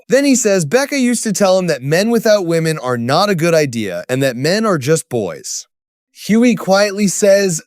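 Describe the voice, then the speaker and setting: High, lively male story narrator. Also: normal speed, no echo, clean studio sound. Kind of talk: scripted story recap narration.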